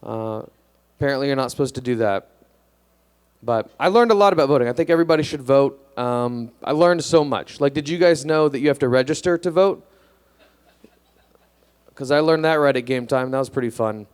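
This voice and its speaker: A young male comedian talks into a stage mic in a club, deadpan and a little hesitant. His voice is smooth and clear, at a middling pitch. He pokes fun at himself with a shrugging delivery. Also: a little fast. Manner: deadpan, self-deprecating, hesitant with fillers. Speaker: stand-up comedian. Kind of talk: stand-up comedy set.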